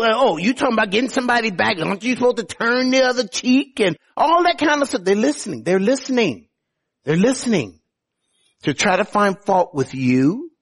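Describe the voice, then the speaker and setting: A man preaching a sermon, teaching through scripture verses, often opening phrases with "oh" and climbing to emphatic highs. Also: breathy edge. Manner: lively preaching, rising to emphatic highs, many "oh" openers.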